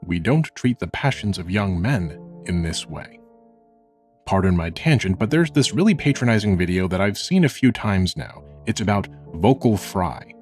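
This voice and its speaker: Young man, slight vocal fry, lowish voice, earnest scripted video essay narration, faint music behind. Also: expressive, a little mellow. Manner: measured, earnest and reflective.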